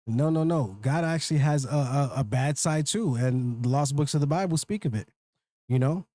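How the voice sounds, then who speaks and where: A man's voice: on the high side, normal speed, warm tone. A man hosting a live stream, ranting off the cuff with heavy swearing and rambling fillers. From Minnesota. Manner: heated, profane, rambling with filler words. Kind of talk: unscripted livestream rant.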